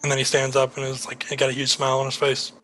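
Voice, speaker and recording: A man narrating a tabletop game as game master, relaxed and full of fillers. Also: mid-range voice, fast, soft background music.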